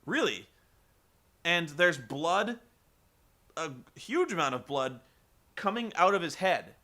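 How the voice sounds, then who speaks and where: Sarcastic high-voiced man recapping. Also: sing-song, takes it slowly, pushed and bright. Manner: sarcastic, rambling, profane. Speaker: show recap host. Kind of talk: comedic wrestling recap.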